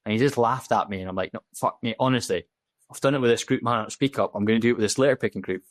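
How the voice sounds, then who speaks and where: A man with a medium-pitched voice races through his story as a podcast guest, recorded dry. He's a safety officer speaking candidly and casually, blunt and swearing heavily, and he acts out the dialogue he quotes.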